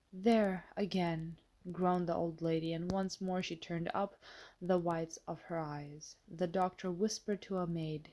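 A woman narrating an audiobook with a steady, measured reading. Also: lowish voice.

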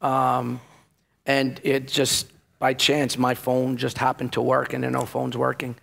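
In an interview, a man who used to be a police officer recounts his experience with feeling, filling the gaps with fillers and performing the conversations he describes. He speaks slowly in a monotone, medium-pitched voice that is creaky and fairly bright.

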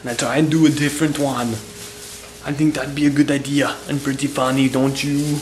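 A man doing a brawny male action hero with a thick Austrian accent, in a booming, clipped, movie-tough delivery. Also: level tone, moderate pace, a little mellow, echoey room, a little hiss or hum, close to an everyday voice, rough recording. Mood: playful.

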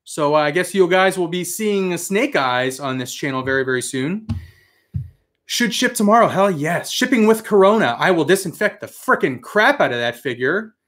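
A man hosting a casual live stream, reading out viewer comments with excitable, mildly profane chatter. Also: sits high, normal speed. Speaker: host of a live toy and comics stream.

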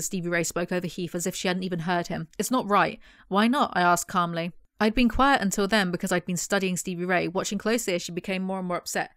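A woman's voice: mid-range voice, a bit bright, dry recording, clean studio sound. A woman doing a casual book review, reading passages aloud and breaking in with sarcastic, mocking asides.

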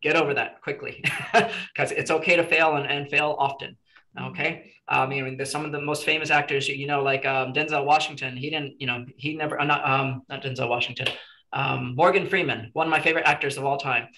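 A man's voice: mid-range voice, fairly even intonation, brisk, sharp tone, poor audio. A man teaching a casual screenwriting workshop to a small group, chatty and encouraging with lots of "you know"s.

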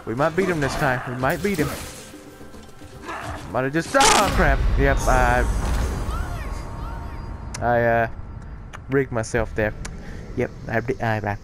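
A man's voice: mid-range voice, slow, long pauses, music in the background. A young man casually commenting on his own play, rambling and mocking himself. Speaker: gaming channel host.

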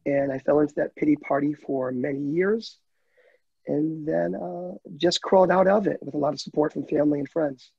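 A man's voice: fairly high pitch, fairly even intonation, moderate pace, vocal fry, slightly rough, no room sound, lo-fi sound. A man telling his story in an interview, heartfelt and candid, choking up at times. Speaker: guide dog client telling his story.

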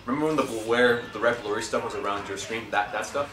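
A young man with an American accent, joking and rambling through casual gaming chat as host. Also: fairly low pitch. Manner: joking, rambling, quick laughs. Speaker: let's play host. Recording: roomy distant mic with noise.

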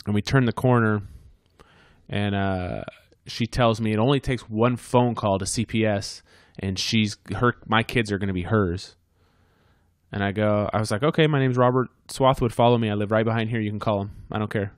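A man in his thirties co-hosts a casual podcast, speaking in a low voice as he tells a heated story full of swearing. His sound is dry and close, with almost no room. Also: fairly even intonation, normal speed, dry recording. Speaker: podcast co-host.

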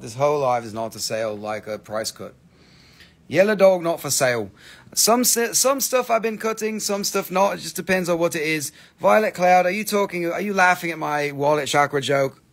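Gravelly joking man hosting a sale. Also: mid-range voice, fairly bright tone. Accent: American. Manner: joking, profane, rambling while showing stones. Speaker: crystal shop live-sale host. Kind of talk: casual live-stream sales chat.

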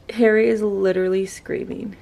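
A woman's voice: mid-range voice, vocal fry, dark tone. A young woman in her twenties, chatting casually for her vlog in an upbeat way with lots of fillers. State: out of breath. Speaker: vlogger. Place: in her car, then at home by a bookshelf.

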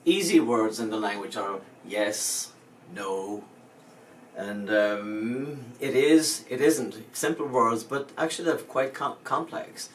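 Male teacher, mid pitch, patient, spells things out; roomy sound from a mic at a distance, faint ambience. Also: expressive, slow pace, a little hiss or hum. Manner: patient, spells words out letter by letter. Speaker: Irish language teacher. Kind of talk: explaining at a board.

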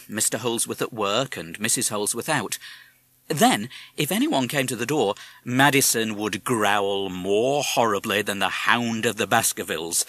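A man reading a storybook aloud with measured, expressive narration. His pitch moves in a lively way, and his voice is bright and clear. It is recorded close up and dry. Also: dry recording. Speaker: audiobook narrator.

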